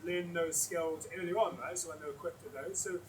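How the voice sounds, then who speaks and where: A man's voice: on the high side, fairly even intonation, a little fast. A man moderating a panel discussion, asking questions casually and hunting for words as he goes. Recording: far-off mic with faint noise.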